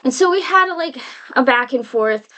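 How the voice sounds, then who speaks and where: A woman with a high, light voice chatting to camera in a loose storytelling monologue. She rambles, restarts her sentences and wanders into asides as she goes. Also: expressive, normal speed, bright, forceful tone, lo-fi sound. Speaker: vlogger.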